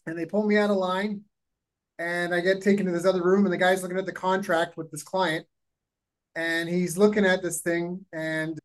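A man from Canada, a guest telling a long anecdote in a lively, rapid, casual way. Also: high voice, low-quality recording. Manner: animated, rapid, acts out voices in anecdotes. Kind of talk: casual storytelling.

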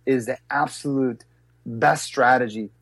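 A man, a speaker and business coach, telling animated stories in an interview and acting out the voices of others. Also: medium pitch, a little slow, slightly rough. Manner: acts out voices and gasps, lively and expressive. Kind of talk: animated storytelling in a podcast interview.

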